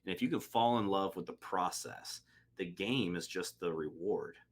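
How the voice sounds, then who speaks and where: A man's voice: deep voice, moderate pace, a little hiss or hum. A man hosting a podcast, a real estate agent, telling an earnest motivational story in casual talk. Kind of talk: casual interview chat.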